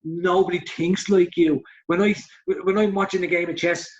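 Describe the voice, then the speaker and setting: A man's voice: high-pitched, fairly even intonation, normal speed. A man in his forties co-hosting a podcast, talking in a heated, sweary way and mocking others in put-on voices. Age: 40s. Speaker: podcast co-host. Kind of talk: casual podcast chat. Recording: dull lo-fi podcast audio.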